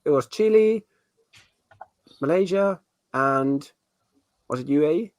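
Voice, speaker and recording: A man's voice: on the high side, lively intonation, slow pace, dry recording. Jokey man hosting an online quiz. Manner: jokey, playful. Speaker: quiz host at an online party. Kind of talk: casual virtual party quiz. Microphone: video call.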